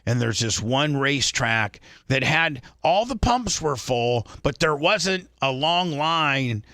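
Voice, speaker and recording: A man's voice: fairly high pitch, animated, takes it slowly, pushed and bright, dry recording, studio quality. A man hosting a radio show, telling a rambling anecdote full of restarts in a casual way. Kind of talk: casual talk radio storytelling.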